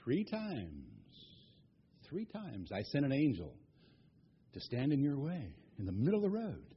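A man voicing God as a solemn, stern, commanding figure, speaking low and grave. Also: huge pitch swings, a little slow, dull audio, slight background noise.

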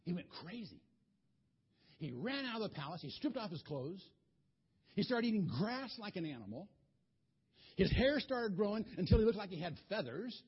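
Folksy guy telling a bible story to kids, high breathy voice, muffled recording. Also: moderate pace, long pauses. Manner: animated, folksy, repeats words. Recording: dull lo-fi recording.

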